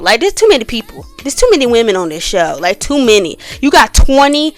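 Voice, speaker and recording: A woman's voice: fairly high pitch, big pitch swings, brisk. A woman giving casual, chatty commentary that rates reality show cast members. She leans on fillers and mocks whiny voices. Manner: chatty, repetitive fillers, mocking whiny imitations.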